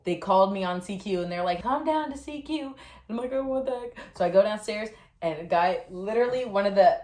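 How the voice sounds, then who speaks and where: A young woman in her twenties with a lowish voice vlogs to camera about her Air Force basic training, casually telling stories and giving tips. She is chatty and animated with lots of fillers, recorded in an echoey room.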